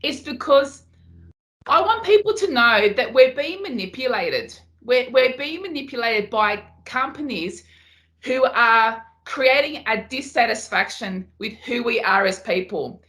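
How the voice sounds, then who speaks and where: A Muay Thai fighter appearing as a podcast guest speaks passionately in a fairly high, animated, a bit bright voice at a measured pace. In this casual interview she often repeats words to drive her point home.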